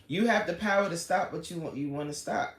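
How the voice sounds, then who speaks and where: A woman with a lowish voice livestreams at a fairly quick pace, chatting with viewers and answering the live chat by name as she tells stories. The room gives a noticeable echo, with faint background noise.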